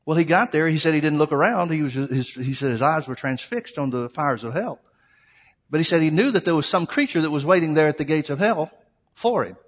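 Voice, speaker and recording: Male pastor preaching, storytelling, gets loud then drops quiet, slightly high voice, big hall echo. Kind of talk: sermon. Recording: long hall reverb.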